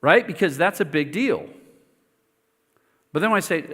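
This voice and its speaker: Pastor, male, slightly high voice; self-mocking storyteller in a sermon, long hall reverb. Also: slow. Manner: animated storytelling, self-mocking, lively asides.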